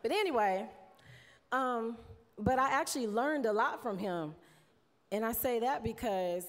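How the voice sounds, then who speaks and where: A woman's voice: fairly high pitch, a little slow. A woman giving a heartfelt tribute speech, chatty and laughing often, close to tears. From United States. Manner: warm, chatty, laughs often, mimics others in quotes. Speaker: award presenter giving an induction speech. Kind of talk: emotional tribute speech at a podium. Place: large hall. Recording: long hall reverb.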